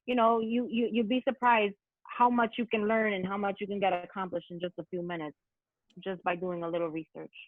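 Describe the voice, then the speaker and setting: A woman's voice: mid-range voice, fairly even intonation, fairly quick, no room sound. A young woman speaking casually on a video call panel, full of "like" and "you know". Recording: tinny phone-like line, dry.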